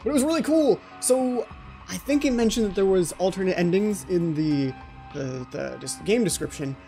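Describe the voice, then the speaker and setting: A man's voice: high-pitched, expressive, moderate pace, creaky, warm tone, soft background music. A man giving horror game let's play commentary as the channel host, jumpy and anxious, often repeating his pleas.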